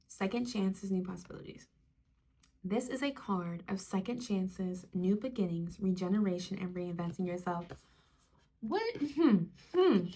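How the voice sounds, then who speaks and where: A woman reading oracle cards as a channeled spiritual message, talking softly and repeating key words, with occasional bursts of excitement. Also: medium pitch. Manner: soft, affirming, repeats phrases, bursts of excitement. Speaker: spiritual card reader.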